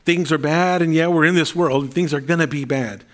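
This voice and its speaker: A man's voice: fairly high pitch, a little fast, fairly bright tone. A middle-aged male pastor preaching a sermon in an earnest, conversational way, with fillers and repeated phrases.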